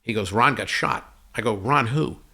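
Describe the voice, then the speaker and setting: A man telling a personal story as a podcast guest, animated and acting out each line of dialogue. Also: lowish voice, normal speed. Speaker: podcast guest, company CEO. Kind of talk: conversational storytelling interview.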